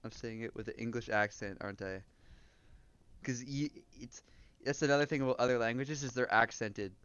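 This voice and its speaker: Joking young Canadian streamer, smooth voice. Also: male voice, medium pitch, a little fast, fairly bright tone, no room sound, dull audio. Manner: joking, swears, laughs often. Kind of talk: casual livestream chat.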